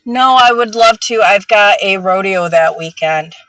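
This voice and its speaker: A woman's voice: medium pitch, measured pace, a bit bright, no room sound, rough recording. Wry woman in her forties, dry sound. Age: 40s. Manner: easygoing and wry. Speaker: guest. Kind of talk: casual live-stream chat.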